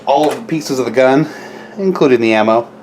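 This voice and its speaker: A man at a middle pitch chats his way through a home how-to video, drifting off into rambling asides. He sounds easygoing and offhand, with a faint hiss of background noise behind him in the kitchen. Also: brisk. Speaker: gun owner vlogger. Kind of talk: casual how-to vlog.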